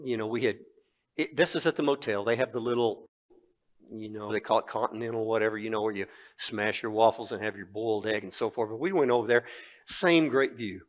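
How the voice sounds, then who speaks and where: A man's voice: lowish voice, fairly quick. A man in his sixties preaching a sermon, telling a personal story with animation and then reading scripture earnestly. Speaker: pastor.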